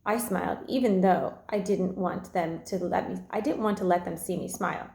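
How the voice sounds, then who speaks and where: Teacher read-aloud, calm steady woman, mid pitch, echoey room. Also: moderate pace, creaky. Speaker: teacher reading a novel aloud. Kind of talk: read-aloud with class questions.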